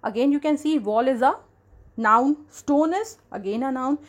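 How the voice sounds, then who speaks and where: A woman's voice: sits high, moderate pace. A woman teaching a grammar lesson, explaining patiently and repeating key terms.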